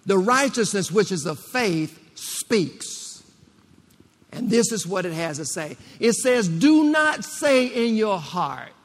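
High-voiced man preaching in an echoing church. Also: big pitch swings, takes it slowly, a little hiss or hum. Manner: rousing call-and-response preaching, repeats phrases. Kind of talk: sermon. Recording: long reverb of a church hall.

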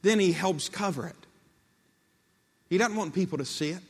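A man's voice: high-pitched, normal speed, breathy edge. Preaching man in a reverberant hall. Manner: storytelling, voices quotes, builds to impassioned peaks. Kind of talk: sermon.

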